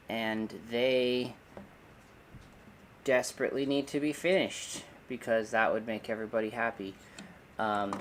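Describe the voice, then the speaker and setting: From his hobby room, a man hosts a casual livestream, rambling and joking as he fixes his camera and talks to his dog. His voice is medium-pitched and a bit bright, with slight background noise.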